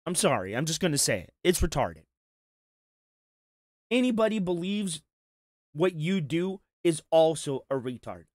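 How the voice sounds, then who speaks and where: Man with a high voice, sarcastic profane rant, dry close sound, reaction commentary. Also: big pitch swings, measured pace, pauses often, darkish tone, dry recording. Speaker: commentary streamer.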